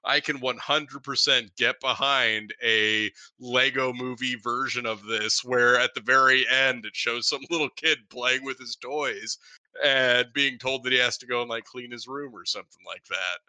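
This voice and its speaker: A man co-hosting a podcast in casual chat, telling stories with animated, playful energy. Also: mid-range voice, normal speed, no echo. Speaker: podcast co-host.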